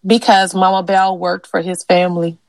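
A woman's voice: fairly low pitch, flat delivery, normal speed, gravelly, darkish tone, dry recording. A woman from Louisiana, a genealogist and interview guest, telling family stories in an earnest, conversational way with lots of fillers. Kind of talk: personal storytelling in an interview.

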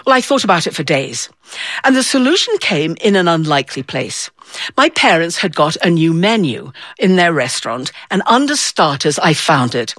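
Lively woman storyteller. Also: on the low side, normal speed, dry recording. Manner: animated, acts out voices of people in the story. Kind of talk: live storytelling performance.

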